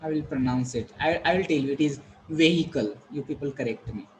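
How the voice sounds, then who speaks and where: A man's voice: mid-range voice, fast talker, darkish tone, a little hiss or hum, low-quality recording. A man with an Indian accent teaching English pronunciation, repeating words and coaxing students to check dictionaries. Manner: repetitive, coaxing, drills words aloud. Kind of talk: online pronunciation lesson.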